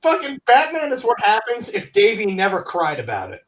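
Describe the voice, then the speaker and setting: A man's voice: sits high, huge pitch swings, fairly quick, low-quality recording. A young man co-hosting a podcast, retelling a film's plot in a crude, rambling, joking way. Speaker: podcast co-host. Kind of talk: casual comedic film review chat.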